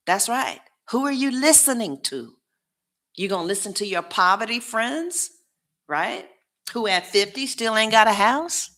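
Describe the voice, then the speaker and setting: Blunt, slow-talking woman tarot reader. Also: mid-range voice, fairly bright tone. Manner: blunt and preachy, with slangy asides. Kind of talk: casual tarot reading.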